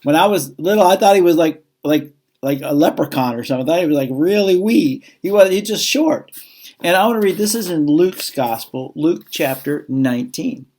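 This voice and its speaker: A man's voice: on the high side, lively intonation, normal speed, a little mellow. Chatty man giving a chapel talk. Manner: chatty, self-deprecating, reads scripture aloud. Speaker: school chaplain. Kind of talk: casual chapel talk to students.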